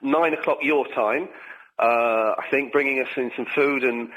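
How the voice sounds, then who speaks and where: A man hosting a live radio show, rambling and halting with many fillers in a chatty, playful way. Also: mid-range voice, lo-fi sound. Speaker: radio host. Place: radio studio.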